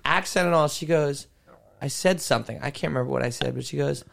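A man's voice: a little high, fast, vocal fry, fairly bright tone. A man who is a comedian, telling rambling stories in a casual podcast chat. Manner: rambling storyteller, drops into impressions. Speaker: comedian guest.

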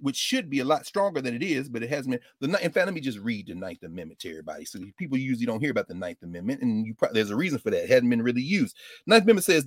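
A man giving an animated lecture with comic asides, jokey and quick to slip into mock voices. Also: medium pitch, dry recording, clean studio sound.

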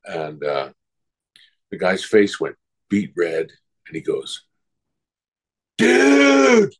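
A man's voice: rumbling low, takes it slowly, husky. An older man, a guest voice actor, telling rambling anecdotes in a casual interview and acting out the people he quotes.

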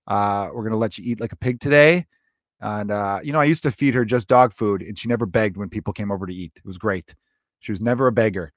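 A man's voice: on the low side, fast talker, no room sound, studio quality. A man in his thirties hosting a comedy podcast, telling a loose, profane, jokey story.

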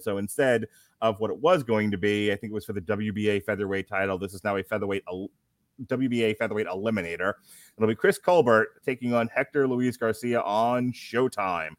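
A man hosting a casual chat show in a relaxed, joking way, breaking into laughter as he talks. His voice sits at an ordinary pitch. The recording is dry and close, with almost no room sound. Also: dry recording. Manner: joking, laughs often while talking. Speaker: podcast host.

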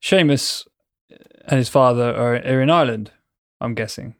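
A man's voice: medium pitch, moderate pace, no room sound, clean studio sound. A man co-hosting a casual chat, talking in a playful, rambling way and painting vivid pictures with his words. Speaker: podcast co-host.

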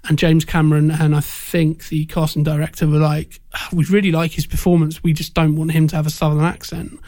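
A man's voice: on the high side, flat delivery, a little fast, a little mellow, no echo, clean studio sound. A man co-hosting a casual film-discussion podcast, talking with frequent fillers and restarts. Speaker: podcast co-host.

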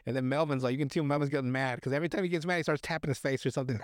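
A man's voice: medium pitch, steady tone, quick pace, dry recording. Laughing, swearing podcast guy, dry sound. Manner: profane, laughs often, loose rambling storytelling. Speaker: podcast host. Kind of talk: casual movie recap chat.

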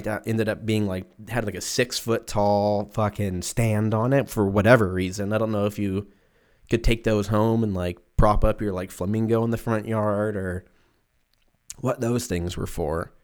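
A man's voice: on the low side, steady tone, measured pace. A man in his twenties rambling alone on his podcast, swearing freely and slipping into silly exaggerated voices, recorded at home. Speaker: podcast host. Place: room at home with windows open.

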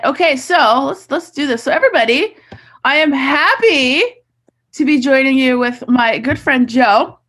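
A woman from Canada hosting a podcast over a video call, with a high voice. She is animated and chatty, laughing freely and often stopping to restart a sentence. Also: moderate pace, faint music behind. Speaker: podcast host. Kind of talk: casual interview chat.

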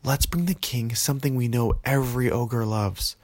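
A man's voice: mid-range voice, steady tone, moderate pace, no echo, natural voice. A man voicing two young princesses in a storybook tale, earnest as they plot. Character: two brave young princesses disguised as ogres.

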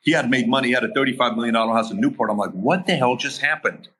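A man telling his own story in a podcast interview, animated, acting out the quoted dialogue. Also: medium pitch, racing, slightly rough. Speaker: podcast guest. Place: home area in Southern California.

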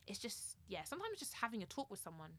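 Bright-voiced young woman co-hosting a chat podcast. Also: medium pitch, quick pace, no room sound. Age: 20s. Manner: animated, acts out her own reactions, laughs often. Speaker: podcast co-host. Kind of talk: casual chat.

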